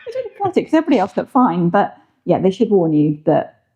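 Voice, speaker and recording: Woman co-host, husky voice, dull muffled sound, says like a lot. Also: mid-range voice, huge pitch swings, fast talker, warm tone. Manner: chatty, filler-heavy, laughing easily. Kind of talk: casual chat.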